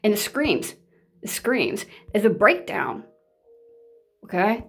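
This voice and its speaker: A woman speaks to her viewers in a casual, unscripted monologue. She is blunt and emphatic, hammers points home by repeating them, and swears without hesitation. Her voice sits at a middling pitch. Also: big pitch swings, takes it slowly, long pauses, husky, faint music behind.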